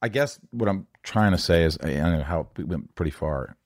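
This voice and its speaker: A man's voice: low voice, animated, fairly quick, darkish tone, dry recording, studio quality. A man hosting a podcast interview, talking frankly and confessionally, swearing casually and stumbling into restarts. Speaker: podcast host. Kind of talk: candid interview conversation.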